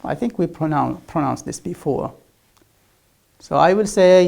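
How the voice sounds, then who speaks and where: An English teacher gives a recorded distance-learning lecture. The teacher speaks slowly through a gravelly, creaky voice. Each word is repeated several times and stressed loudly, as in a pronunciation drill. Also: mid-range voice, expressive. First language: Arabic. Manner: drills words by repeating them with loud emphasis.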